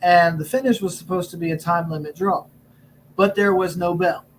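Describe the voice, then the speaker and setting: A man from Augusta with a high voice tells stories as a guest on a podcast. He gets animated and acts out what people said, pushing his voice up. A faint hiss hangs under the recording. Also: moderate pace, rough recording. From Augusta, Georgia. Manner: animated storyteller who acts out lines in a raised voice. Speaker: wrestling referee guest. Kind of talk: casual interview storytelling.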